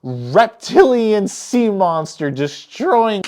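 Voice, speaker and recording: A woman recapping a monster movie in a loose, excited way, often swearing and cutting herself off mid-sentence. Her pitch is medium but moves a lot. She sounds like a host talking straight to her viewers. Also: very slow, a little hiss or hum. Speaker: movie reviewer. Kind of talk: casual spoiler movie recap.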